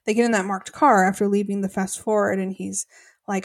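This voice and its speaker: A woman's voice: medium pitch, fairly quick. A young woman co-hosting a podcast, retelling a reality show episode in casual chat with quoted voices. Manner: chatty, animated retelling with quoted voices and laughs. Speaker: podcast co-host.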